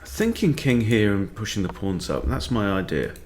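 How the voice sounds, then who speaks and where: A chess coach talks himself through a live game and mutters his moves half under his breath. His voice sits low but keeps swinging up and down. Keyboard clicks sound softly behind him. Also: sing-song, moderate pace, slight background noise.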